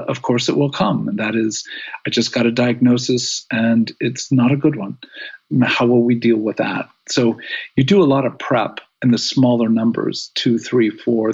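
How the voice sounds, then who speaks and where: Male podcast co-host, 60s, husky voice, gravelly, lively anecdotal delivery. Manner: animated storytelling, rising pitch when quoting. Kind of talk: reflective podcast conversation. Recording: slightly dull lo-fi audio.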